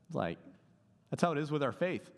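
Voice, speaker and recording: A man's voice: fairly high pitch, big pitch swings, a little fast. A male pastor, preaching an earnest sermon that moves from storytelling into rising exclamations in a church. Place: church sanctuary. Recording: long hall reverb.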